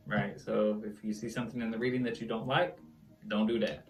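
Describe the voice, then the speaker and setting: Co-hosting a tarot reading, this man has a Midwestern American accent and a lowish, fairly flat voice that moves fairly quickly. He's loose and joking, laughing a lot and swearing casually, picked up on a distant mic with music underneath.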